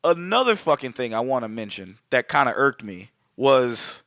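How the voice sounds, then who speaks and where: A man's voice: medium pitch, big pitch swings, normal speed, vocal fry, fairly bright tone, dry recording, studio quality. A man co-hosting a podcast, casually and profanely retelling a movie plot and acting out quotes as he goes. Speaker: podcast co-host. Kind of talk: casual movie recap chat.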